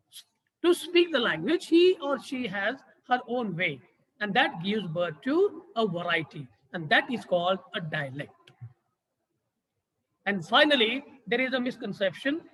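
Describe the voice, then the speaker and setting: A man with a Maharashtrian Indian English accent gives a classroom lecture, and his voice sits high for a man. He poses rhetorical questions and restates key phrases to drive points home. The sound carries a long reverb, as in a large hall. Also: fairly bright tone, breathy edge.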